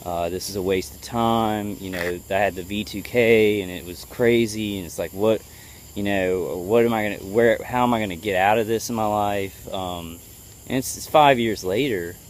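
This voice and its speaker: In a personal video update with slight background noise, a man vlogger speaks at a fairly low pitch. He falters, restarting and filling gaps, while working to keep himself calm and even.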